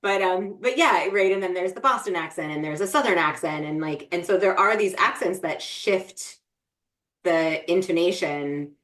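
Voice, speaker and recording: Low-voiced chatty woman. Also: moderate pace, fairly bright tone. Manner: chatty, many fillers and restarts. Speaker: podcast co-host. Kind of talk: casual chat.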